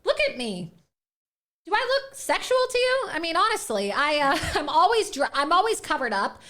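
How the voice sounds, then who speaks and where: A young woman hosts her own show and delivers a fiery monologue straight to camera. Her voice sits high and bright, and she is sarcastic, defiant and blunt, with profanity and quick laughs between jabs. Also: sing-song. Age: young adult. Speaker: host of an online political show. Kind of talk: angry political monologue to camera.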